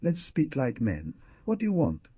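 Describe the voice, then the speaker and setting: A man's voice: medium pitch, wildly swooping pitch, normal speed, no room sound, muffled recording, pitched above the performer's own voice. A man playing an ironic bandit colonel. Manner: smooth, ironic. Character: brave good-humoured male bandit colonel.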